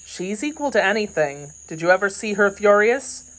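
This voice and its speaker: A woman's voice: mid-range voice, very animated, normal speed, lightly acted. A woman voicing an earnest young male swordsman who speaks with urgent pleading in an audiobook reading.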